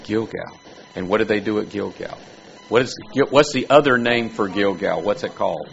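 A man's voice: on the low side, a little fast, creaky. A man preaching a sermon, asking his congregation questions. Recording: dull lo-fi recording with faint noise.

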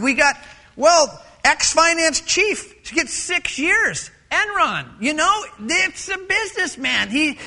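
A male pastor delivers a dramatic sermon in a high, very bright voice. He swings from loud, emphatic lines to hushed, almost whispered asides. The church sanctuary leaves a long reverb trailing behind his words.

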